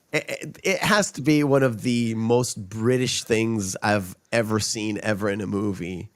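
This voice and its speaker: A man's voice: on the low side, measured pace. A man hosting a podcast, chatting casually about a film with frequent restarts and chuckles.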